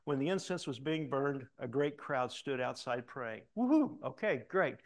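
A middle-aged man preaching a sermon, reading scripture aloud and breaking off into animated asides, loud for quoted lines and hushed for comments. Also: mid-range voice, moderate pace. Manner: animated, swings between loud emphatic reading and quiet asides. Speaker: pastor.

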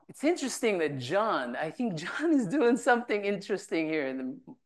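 A woman teaching from the Bible, reading verses aloud and retelling them in casual everyday talk. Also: mid-range voice. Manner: reads scripture then paraphrases it in casual voiced asides.

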